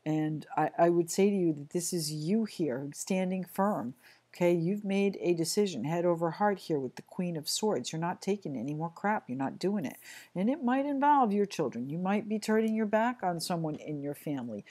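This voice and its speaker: A woman talks through a tarot spread for her viewers in a loose, conversational way. Her voice sits a little low. She often stops, restarts and apologizes as she goes. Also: expressive, mellow. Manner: chatty, halting, apologetic, frequent restarts. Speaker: tarot reader. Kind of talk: casual tarot reading to camera.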